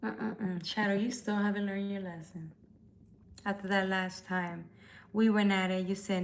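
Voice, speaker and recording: A woman of middle pitch hosts a live tarot stream into her phone. She talks bluntly and swears freely. She calls out commenters without holding back. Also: moderate pace, vocal fry. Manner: blunt, profane, confrontational. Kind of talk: casual live-stream chat.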